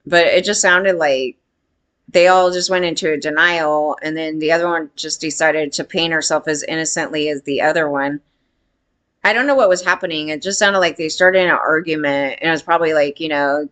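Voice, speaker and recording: A woman's voice: on the low side, moderate pace, fairly bright tone. A woman giving casual opinion commentary in a blunt, rambling way, swearing freely.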